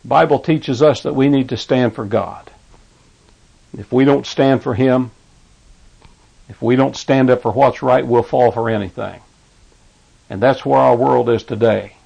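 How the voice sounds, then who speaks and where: Male radio preacher, gravelly voice, fervent repetitive delivery, dull lo-fi sound. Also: medium pitch, steady tone, a little slow, long pauses, dark tone. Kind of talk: radio sermon.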